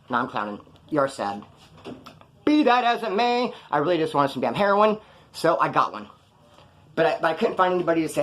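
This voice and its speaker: Man, former inmate, brisk streetwise storyteller with a raised voice, blunt and profane. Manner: animated, jumps in pitch for emphasis. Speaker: former prisoner telling his story. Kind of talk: casual first-person storytelling.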